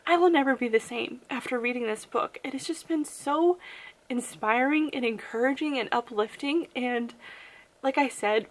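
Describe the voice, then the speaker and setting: A woman's voice: sits high, moderate pace. A young woman vlogging about a book she loves, emotional and gushing, laughing while near tears. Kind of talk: casual chat.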